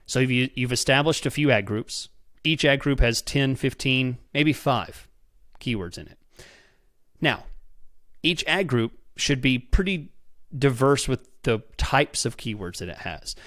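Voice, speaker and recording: A man's voice: medium pitch, animated, unhurried, fairly bright tone, no echo, studio quality. A man hosting a podcast, explaining a method step by step, often checking in with "okay?" and repeating words as he restarts sentences. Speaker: podcast host. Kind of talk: instructional podcast talk.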